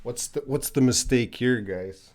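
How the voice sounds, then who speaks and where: Canadian-accented male English teacher, unhurried live Q&A delivery, mid-range voice, patient and chatty. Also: mid-range voice, a little mellow. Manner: patient, chatty, explains slowly with repeated examples.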